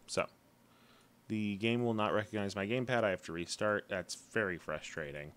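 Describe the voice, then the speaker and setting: Game streamer, male, low-pitched, easygoing chatty delivery. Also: normal speed, a bit bright. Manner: chatty, hums to himself while playing. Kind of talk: casual live-stream chat.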